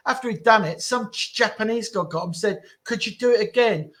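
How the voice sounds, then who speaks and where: A middle-aged man on a podcast, talking in an animated, slangy way. He repeats himself as he builds a story, his voice a little high for a man. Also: fairly quick. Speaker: guest telling his story. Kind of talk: casual storytelling.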